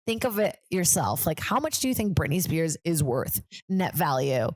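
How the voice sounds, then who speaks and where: Woman comedian hosting her podcast, loose rambling chat with lots of swearing, lower voice, dry close mic. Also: very animated, moderate pace, darkish tone, dry recording. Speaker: podcast host. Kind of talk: casual comedic monologue.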